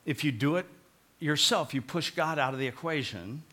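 Male pastor, sermon delivery, bright voice, conversational, punchy repeats, big dynamic swings from loud to soft. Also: on the high side, moderate pace. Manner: emphatic, swings from loud proclaiming to quiet earnest pleading; conversational, repeats short phrases for emphasis.

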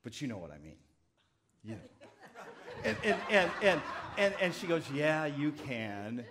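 A man's voice: on the high side, wildly swooping pitch, normal speed, noisy background. A pastor in his fifties preaching a sermon in a loose, storytelling way, with rambling asides and self-deprecating humor.

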